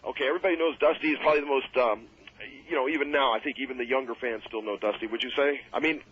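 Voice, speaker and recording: A man telling road stories as a guest on a radio show, rambling and animated, laughing at his own tales. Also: mid-range voice, very fast, a little hiss or hum. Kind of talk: casual radio interview storytelling. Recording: muffled old radio broadcast.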